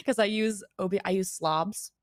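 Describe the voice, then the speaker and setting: A woman's voice: medium pitch, unhurried, dry recording, studio quality. A young woman guest in a casual chat, self-deprecating and laughing a lot. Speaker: guest streamer.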